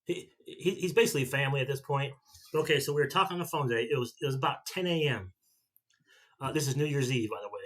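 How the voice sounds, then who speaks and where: A man's voice: mid-range voice, fast talker, fairly bright tone. A man in his fifties chatting casually on his vlog, a rambling storyteller who often repeats and restarts himself. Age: 50s. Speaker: vlogger. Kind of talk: casual chat.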